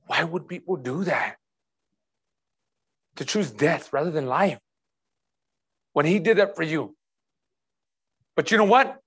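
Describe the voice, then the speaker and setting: A man with a high voice preaching a fervent sermon. He hammers home his points with repeated questions. His phrasing stays loose and conversational. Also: lively intonation, takes it slowly, pauses often, fairly bright tone, breathy edge. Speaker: pastor.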